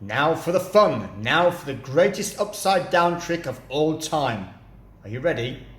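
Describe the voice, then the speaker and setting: A man voicing an excitable male monkey father who shouts orders, in an echoey room. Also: a little high, a little slow. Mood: commanding.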